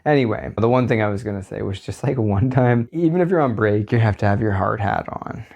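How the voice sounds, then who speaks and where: A man in casual chat, telling animated, profane stories about his construction job. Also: fairly low pitch, brisk, vocal fry, highs cut off. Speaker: construction worker.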